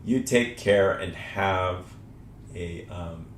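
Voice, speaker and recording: A man hosting a faith talk show, speaking earnestly and reflectively about trusting God in daily life. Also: extremely slow. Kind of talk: personal spiritual talk. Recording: echoey room with faint rumble.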